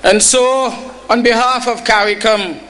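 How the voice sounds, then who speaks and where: A man giving a formal public speech as a prime minister, slow and deliberate with emphatic stresses. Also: very high-pitched, steady tone, sharp tone, a little hiss or hum.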